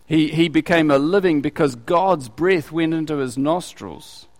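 A man's voice: fairly high pitch, a little slow, a little mellow. A man giving conversational Bible teaching as a preacher, often asking his listeners questions. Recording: reverberant hall.

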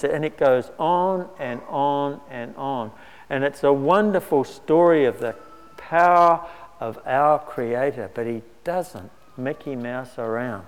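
A man preaching a sermon in a measured, earnest way, lifting his voice on key words. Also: mid-range voice, smooth. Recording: long hall reverb.

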